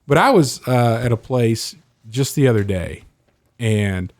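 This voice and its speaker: Animated man telling stories. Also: lowish voice, dry recording. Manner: animated storyteller, laughs a lot. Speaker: podcast co-host. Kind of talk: casual chat.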